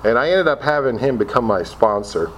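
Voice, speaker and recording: A middle-aged man from Connecticut tells his story to a group, mocking himself as he replays his past reactions. His pitch swings widely, and a faint hum sits in the background. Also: expressive, fairly quick. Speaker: speaker sharing his recovery story. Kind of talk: personal recovery talk to a group.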